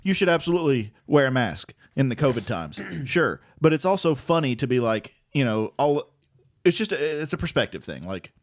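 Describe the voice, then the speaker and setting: A man's voice: mid-range voice, very animated, normal speed. Easygoing male comedian chatting. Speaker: podcast co-host, comedian. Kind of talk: casual chat.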